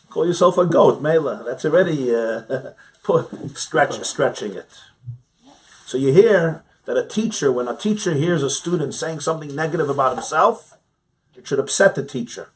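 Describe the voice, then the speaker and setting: A rabbi teaching a Talmud class in a study hall, conversational, asking rhetorical questions and chuckling often. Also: male voice, fairly high pitch. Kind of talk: informal study-hall lecture.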